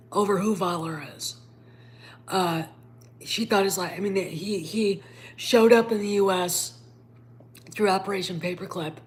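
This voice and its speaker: A woman host giving a casual, rambling film review, emphatic and sometimes dropping to a whisper. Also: on the low side.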